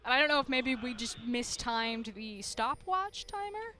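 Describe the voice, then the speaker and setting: A woman's voice: a little high, big pitch swings, measured pace. A woman giving analytical esports color commentary, with fillers and playful asides. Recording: commentary over game music.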